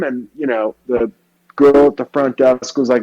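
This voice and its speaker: A man telling stories in an interview, animated and casual with lots of slang. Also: medium pitch, a little slow, poor audio. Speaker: hairstylist guest. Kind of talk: storytelling interview.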